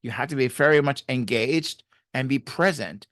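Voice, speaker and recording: A man's voice: mid-range voice, normal speed, fairly bright tone, dry recording, clean studio sound. A man giving faith-based marriage advice in an earnest way, repeating key phrases and using many fillers.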